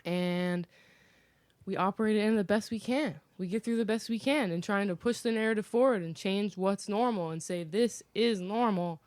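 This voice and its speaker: A woman's voice: medium pitch, moderate pace, a little mellow, no room sound. A woman from Chicago speaking as a podcast guest in a basement. She talks it through thoughtfully, filling her sentences with "like". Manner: thoughtful, hedging with "like". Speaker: podcast guest, cannabis media founder. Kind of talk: casual podcast discussion.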